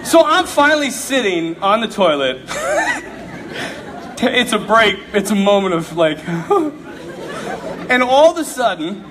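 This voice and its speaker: Male preacher, high and very lively voice, comic storytelling sermon, laughs mid-line. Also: takes it slowly, pauses often, crowd noise. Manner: animated, laughs through his story.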